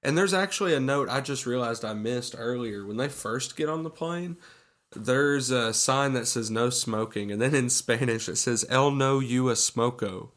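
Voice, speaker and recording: A man's voice: medium pitch, moderate pace, a bit bright. A man co-hosting a podcast, casually retelling movie scenes and acting out the quotes. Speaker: podcast co-host. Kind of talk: casual movie recap chat.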